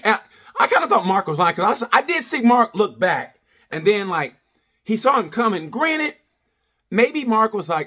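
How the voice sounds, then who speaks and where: Guy vlogging a race review, swears a ton, rambles, pitch jumps all over, kinda high voice. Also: very animated, moderate pace, a bit bright, breathy edge. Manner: profane, rambling, jokey. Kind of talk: casual ranting review.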